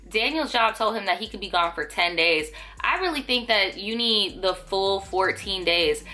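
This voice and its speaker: A young woman with a slightly raspy voice, narrating a storytime vlog in a casual, slangy, profane way. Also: mid-range voice, sharp tone. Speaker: vlogger.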